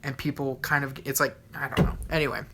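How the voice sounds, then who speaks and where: A woman's voice: extremely low pitch, little pitch movement, fast. A woman with a Utah accent chatting casually and playfully on a live stream.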